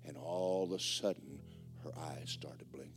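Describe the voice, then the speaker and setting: A man preaching a sermon as the pastor of a church, telling a story in a lively way that swings between hushed and loud. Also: extremely low pitch, normal speed. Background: faint guitar music.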